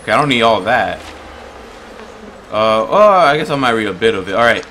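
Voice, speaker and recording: A man giving casual let's-play commentary on a horror game, jumpy and swearing, shouting when chased and stumbling when he reads aloud. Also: lowish voice, lively intonation, brisk, pauses often, a little hiss or hum. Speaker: gamer playing a horror game.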